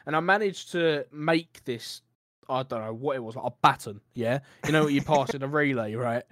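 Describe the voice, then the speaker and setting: A man's voice: medium pitch, moderate pace, fairly bright tone, no echo, clean studio sound. A young British man co-hosting a podcast, rambling through an anecdote and laughing as he goes. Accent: British English. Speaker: podcast co-host. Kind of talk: casual chat, rambling anecdote.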